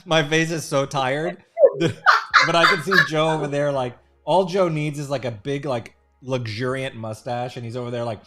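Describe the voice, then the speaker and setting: A man's voice: medium pitch, fairly even intonation, normal speed, heavy background noise. Giggly man chatting on a live stream. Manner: giggly, rambling, jokey. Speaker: sketch artist streaming live. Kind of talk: casual live-stream chat.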